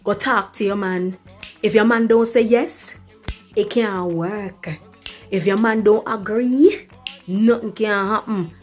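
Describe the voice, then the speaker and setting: A woman's voice: medium pitch, fairly even intonation, slow pace, soft background music, close to an everyday voice. A woman voicing a blunt, unbothered young Jamaican woman in a comedy skit, lecturing in a patois-laced, dismissive way.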